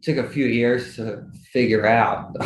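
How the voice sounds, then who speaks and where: A man chatting casually as a musician guest in an interview, animated and laughing often. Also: takes it slowly, a little hiss or hum. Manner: animated, acts out quoted friends in high voices, laughs often. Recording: roomy with faint ambience.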